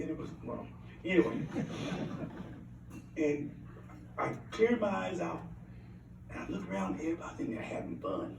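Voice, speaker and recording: An older man from Alabama speaks. He gives a rambling, earnest acceptance speech in a high voice and repeats key lines for emphasis. The voice is picked up from some way off in an echoey hall with a faint hiss. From Alabama, USA. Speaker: award recipient giving acceptance speech. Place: banquet hall at an awards event. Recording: roomy hall, mic at a distance.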